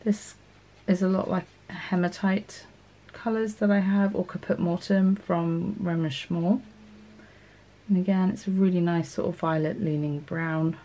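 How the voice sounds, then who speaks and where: A woman hosts her art channel in a relaxed, chatty way, thinking aloud as she swatches her paints. Her voice sits a little low and has a gravelly edge, and she often corrects herself mid-sentence. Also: measured pace. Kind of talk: casual talk while swatching paints.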